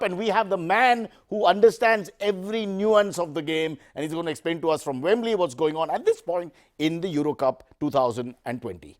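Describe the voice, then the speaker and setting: A man hosts a satirical news show, with a fairly high voice. He talks in sarcastic, self-mocking asides and wanders between jokes. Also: a little fast, few pauses. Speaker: comedy show host.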